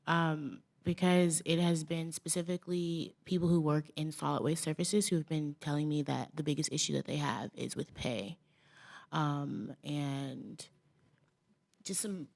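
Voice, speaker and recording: A woman's voice: low-pitched, vocal fry. A woman city councilmember asking staff questions at a council meeting, thoughtful and hedging with frequent "like".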